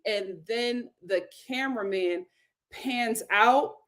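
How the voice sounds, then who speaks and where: A woman's voice: mid-range voice, a bit bright. A woman hosting a casual reality TV recap, emphatic and exclamatory, who repeats phrases for effect.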